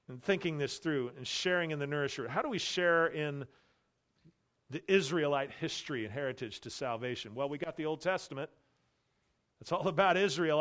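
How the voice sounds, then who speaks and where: A man's voice: a little high, a bit bright. A male pastor preaching an expository sermon, emphatic and repeating his key phrases. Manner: emphatic, repeats key phrases, voices imagined boastful believers.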